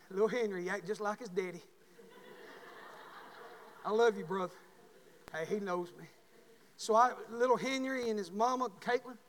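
A man preaching a sermon as pastor, telling folksy stories and building to shouted calls. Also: high voice. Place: church sanctuary. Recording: long hall reverb.

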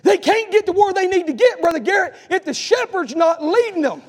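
A man preaching a sermon as pastor, swinging from hushed, drawn-out lines to shouted calls. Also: very high voice, lively intonation, long reverb tail.

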